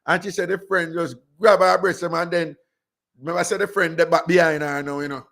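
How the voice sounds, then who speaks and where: A man's voice: a little high, steady tone, brisk, vocal fry, a bit bright. A man with a Jamaican accent, hosting radio and telling a story in casual, rambling patois with many "you know"s. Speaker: radio host.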